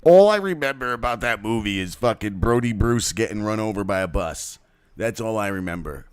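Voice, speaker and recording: A man's voice: on the low side, lively intonation, a little fast, clean tone. A man co-hosting a live stream, bantering and teasing in a loose, jokey way. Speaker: podcast co-host. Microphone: video call.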